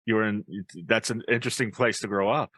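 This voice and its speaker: A man's voice: lowish voice, fairly even intonation, quick pace, a bit bright, dry recording. A man hosting a casual interview, joking and teasing his guest with stumbling restarts. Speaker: host.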